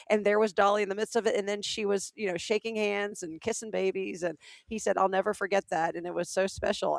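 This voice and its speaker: A middle-aged woman from the American South co-hosts a podcast in relaxed chat. Her voice has a touch of fry, and the close mic leaves it dry. She tells stories with relish, putting on the voices of the people she quotes. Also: medium pitch, no room sound. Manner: animated storyteller, acts out quoted voices. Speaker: podcast co-host. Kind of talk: casual chat.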